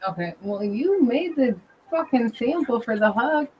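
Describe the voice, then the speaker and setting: A woman's voice: a little high, expressive, unhurried, a little mellow, slight background noise, rough recording. A woman musician guesting on a stream, chatting casually, hesitant and laughing nervously. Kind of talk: casual chat.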